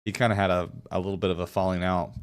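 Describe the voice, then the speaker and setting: A man's voice: deep voice, flat delivery, racing. A man streaming and chatting casually, rambling with frequent laughs and the odd swear word. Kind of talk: casual chat. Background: background music.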